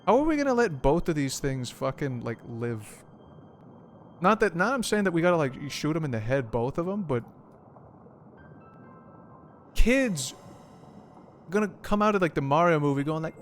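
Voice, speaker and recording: A man's voice: on the high side, expressive, moderate pace, slight background noise. A man streaming a game, chatting casually in a rambling, profane, joking way.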